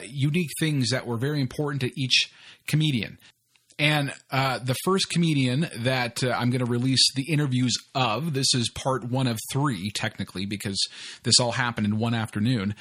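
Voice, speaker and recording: A man's voice: mid-range voice, fairly bright tone. A man, hosting a casual podcast, rambling and self-deprecating with lots of fillers. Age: 40s. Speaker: podcast host. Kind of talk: casual solo podcast intro.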